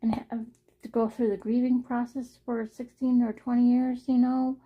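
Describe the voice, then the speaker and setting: A woman's voice: fairly high pitch, little pitch movement, moderate pace, narrow, tinny audio. A young woman talking casually to her viewers in a personal vlog, rambling and earnest, often repeating herself. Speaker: vlogger.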